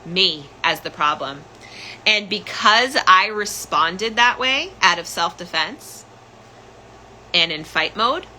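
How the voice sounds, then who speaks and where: A young adult woman tells her own story in an emotional, candid monologue. Her voice is very bright and cutting, at a middle pitch. A faint hiss of noise sits under the recording. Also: rough recording. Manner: emotional, candid, repeats phrases for emphasis. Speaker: podcast host.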